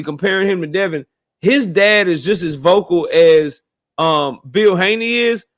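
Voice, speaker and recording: Opinionated boxing guy, high voice, slangy and emphatic. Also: a bit bright. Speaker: boxing commentator. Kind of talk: casual boxing debate.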